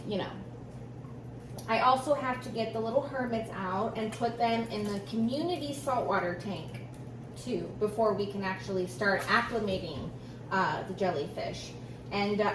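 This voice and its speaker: An excitable woman vlogs to her viewers in a loose, chatty way, as if talking to friends. Her voice sits a little high. There is a steady hiss of noise behind her. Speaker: vlogger. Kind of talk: casual vlog chat to camera.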